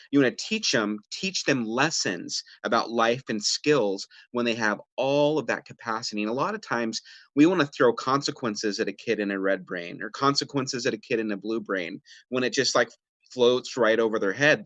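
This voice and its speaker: A man presenting a parenting webinar in a relaxed, conversational way, often checking in with "right?" and acting out what people say. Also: medium pitch, no room sound, highs cut off. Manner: conversational, frequent "right?" and fillers, acts out quoted lines. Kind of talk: casual explanatory teaching. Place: home or office, video webinar.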